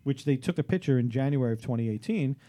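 A man's voice: mid-range voice, quick pace. A man hosting a podcast, telling a story casually with lots of fillers. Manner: animated storyteller, many fillers. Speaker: podcast host. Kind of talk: casual chat.

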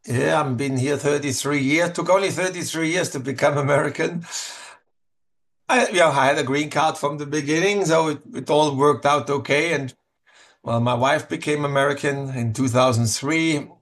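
A man's voice: on the high side, moderate pace, fairly bright tone. A man in his fifties from Germany, speaking with a German accent, chatting easily as an interview guest and laughing often. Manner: easygoing, chatty, laughs easily, loose restarts. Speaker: winemaker guest. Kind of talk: casual interview chat.

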